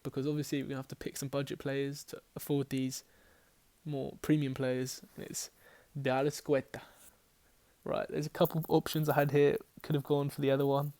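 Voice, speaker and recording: A man with a medium-pitched, darkish voice marked by vocal fry chats about picking his fantasy football team. He rambles and corrects himself along the way, swearing casually in this loose team-selection talk.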